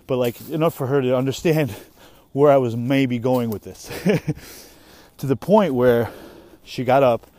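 A man's voice: medium pitch, mellow. A young man and parent, talking casually while walking through the woods, rambling with lots of swearing and restarts. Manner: rambling, profane, trailing off and restarting. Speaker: vlogger and parent. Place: woods outdoors.

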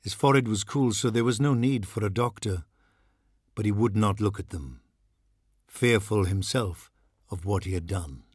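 A man narrating a horror novel as an audiobook, measured and somber. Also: lowish voice, husky, no room sound, clean studio sound.

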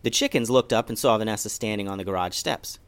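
A man's voice: fairly low pitch, quick pace, clear, resonant tone. A man reading a children's bedtime story aloud as the host of a kids' story podcast. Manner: gentle, expressive, storytelling.

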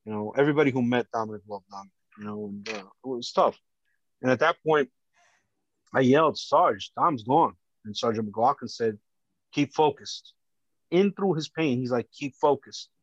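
A man, a former police officer and podcast guest, earnestly recounts a harrowing personal story, often halting and restarting. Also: medium pitch, lively intonation, no room sound. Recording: dull lo-fi dry sound.

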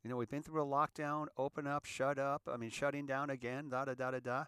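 A middle-aged man from California holds forth in a loose, wandering monologue, now and then acting out other people's lines. His voice sits at an everyday pitch and is heard close up in a dry, dead room. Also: a little fast, smooth, no room sound. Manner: rambling, animated, acts out little scenes. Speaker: host. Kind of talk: casual monologue.

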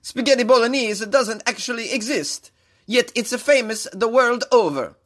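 A man's voice: extremely high pitch, moderate pace, a bit bright, voice pushed up. A man voicing a proud, indignant male Italian city mayor in a theatrical put-on Italian accent, as a comedic impression. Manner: exaggerated, theatrical, emphatic.

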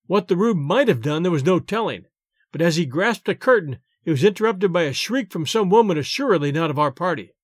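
A man narrating a short story audiobook in an expressive, animated way. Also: high voice, a little fast, no room sound, clean studio sound.

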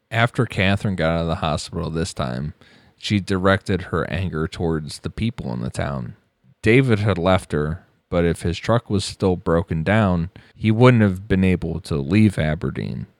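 A man's voice: low-pitched, lively intonation, measured pace, gravelly, no echo, studio quality. A man narrating a true crime case on a podcast, with blunt, profane asides.

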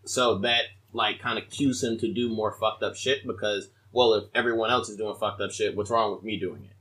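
A man's voice: on the low side, fairly even intonation, a little fast, a bit bright, rough recording. A man, a podcast guest, explaining his tabletop game character in casual, rambling talk. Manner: rambling, self-correcting explanations.

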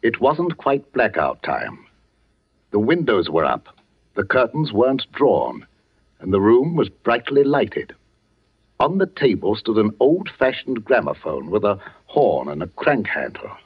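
An earnest, fatherly village vicar in a vintage radio drama. He speaks with measured authority and a lively swing of pitch. The recording is dull and lo-fi. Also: breathy edge, heavily acted. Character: worried older male village vicar, fatherly. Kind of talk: 1940s radio acting.

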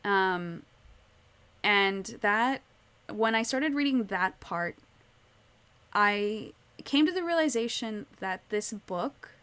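Speaking slowly with a clean tone, a medium-pitched woman joins a casual book chat. She retells scenes animatedly, her speech full of "like" and "you know."

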